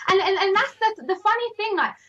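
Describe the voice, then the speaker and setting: A woman's voice: very high-pitched, a little fast. A woman, a business coach, talking emphatically in a motivational conversation and checking in with "all right?", on slightly muffled lo-fi audio. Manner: animated, emphatic, repeats "all right?" and "okay?".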